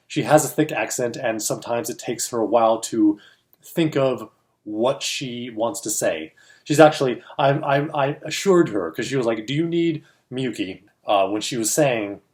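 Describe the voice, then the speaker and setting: A man co-hosting a film industry chat, telling a story casually and animatedly, acting out the voices he quotes and laughing often. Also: fairly low pitch. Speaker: co-host of a film industry show.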